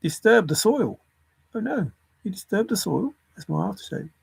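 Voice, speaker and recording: A man with a slightly high, gravelly, husky voice talks slowly to himself, reeling off word lists and chuckling. The sound is dry and close, with no room around it. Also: very animated, no echo. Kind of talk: rambling solo puzzle musing.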